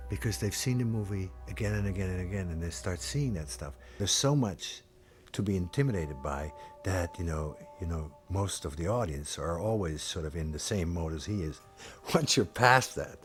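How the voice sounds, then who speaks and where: A man, an actor in a documentary interview, speaking reflectively about his character and how fans see the film. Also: low-pitched. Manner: reflective and thoughtful. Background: music.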